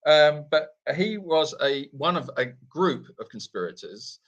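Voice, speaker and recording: A man's voice: on the high side, sing-song, a little slow. A man co-hosting a casual live Q&A from an animal sanctuary, a chatty storyteller who often laughs at his own tales. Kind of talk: casual live-stream chat.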